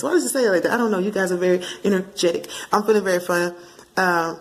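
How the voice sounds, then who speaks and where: Woman, tarot reader addressing viewers; animated, playful delivery with sung snippets and acted asides. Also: mid-range voice, very fast. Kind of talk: casual tarot reading to camera.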